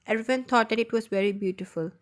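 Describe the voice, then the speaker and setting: A woman's voice: fairly high pitch, fast talker. A woman reading a children's story aloud as a voice-over, carefully and with small slips and restarts.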